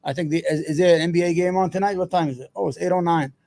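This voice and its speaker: A man with a notably high-pitched speaking voice and a gravelly edge hosts his own channel. He rambles casually, swears freely and mutters to himself while he hunts for clips, then launches back into his opinions. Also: steady tone, racing, darkish tone. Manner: loose, profane, muttering to himself between points. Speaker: solo commentary host.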